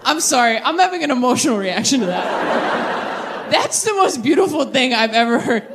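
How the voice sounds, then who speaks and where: A woman in her thirties performing a stand-up set, riffing quickly and mocking herself as she works the crowd. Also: sits high, sing-song. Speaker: stand-up comedian. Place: large comedy venue with a live audience. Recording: live stage recording with audience noise.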